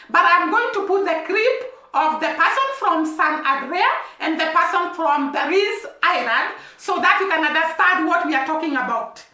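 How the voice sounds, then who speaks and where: High, lively woman vlogger in an echoey room. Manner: addresses viewers directly, measured explaining. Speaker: vlog host. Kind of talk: explanatory commentary to viewers.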